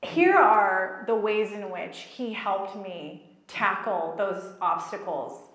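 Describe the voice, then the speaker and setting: Woman, faith-event speaker, lively and self-mocking storyteller, mid-pitched, miked in a reverberant hall. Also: slow. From child of Egyptian parents, raised in America. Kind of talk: personal storytelling talk. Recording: echoey hall.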